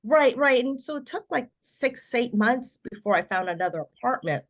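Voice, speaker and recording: A middle-aged woman, a podcast guest, telling her personal story in a lively way and acting out what other people said. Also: fairly high pitch, normal speed. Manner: animated storyteller who acts out quoted voices.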